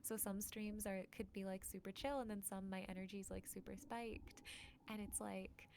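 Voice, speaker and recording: A woman's voice: medium pitch, steady tone, moderate pace, vocal fry, a little mellow, a little hiss or hum. A woman co-hosting a podcast, chatting casually about streaming and rambling with lots of filler words.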